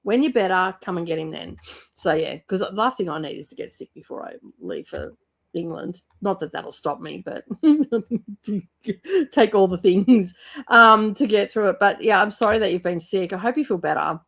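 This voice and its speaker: A woman's voice: medium pitch, normal speed, gravelly, a bit bright. Chatty Australian woman with a cold. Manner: rambling, chatty, with frequent fillers. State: has a cold, clears throat. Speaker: book channel host. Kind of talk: casual livestream chat.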